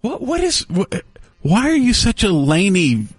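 A man's voice: high voice, big pitch swings, a little slow, husky, dry recording. A man co-hosting morning radio, sarcastic and mock-indignant in studio banter. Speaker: radio show host.

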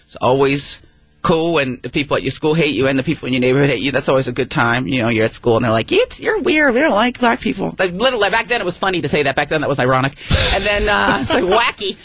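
A woman comedian from San Francisco, a guest on a radio interview, telling stories in a rapid, animated, joking way. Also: very deep voice, dry recording. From San Francisco, USA. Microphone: studio microphone.

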